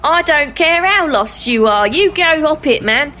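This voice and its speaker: Gruff, rude guard shouting visitors away, played by a woman with a raised, loud voice. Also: high voice, animated, a little slow, pitched above the performer's own voice, heavily acted. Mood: hostile. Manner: gruff, shouting slang insults. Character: rude, disgruntled male manor guard.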